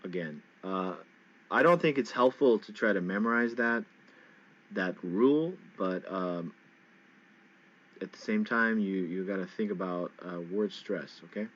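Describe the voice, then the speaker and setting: A man teaching an English pronunciation lesson in a loose, casual way, checking in with "okay?" and "right?" and drawing out example words slowly. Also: deep voice, fairly bright tone, dull audio.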